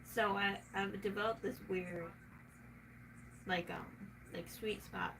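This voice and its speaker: A woman's voice: medium pitch, fairly even intonation, slow, gravelly. Rambling, swearing woman with a Southern twang. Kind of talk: casual chat. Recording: noisy room, mic at a distance.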